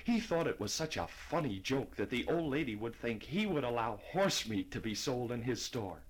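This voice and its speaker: A man reading a children's storybook aloud in a lively, expressive way. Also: medium pitch, normal speed, breathy edge, poor audio. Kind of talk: storybook narration.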